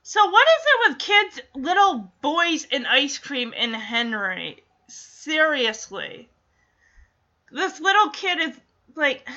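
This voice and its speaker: A woman's voice: high voice, very animated, slow, pushed and bright, muffled recording. A woman giving casual, wry reaction commentary, chatty and acting out characters' lines as she recaps. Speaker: reaction video host.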